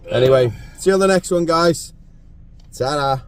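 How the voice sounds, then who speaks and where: A man's voice: a little high, normal speed, clean tone, far from the mic. A man vlogging while fishing outdoors at night, joking, laughing often and talking to the camera. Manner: jokey, laughing often, excitable. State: cold. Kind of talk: casual outdoor chat to camera.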